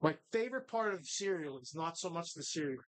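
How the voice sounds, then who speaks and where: A man's voice: fairly high pitch, expressive, fast talker. A man hosting a live bar show, chatting casually in a rambling, profane, jokey way.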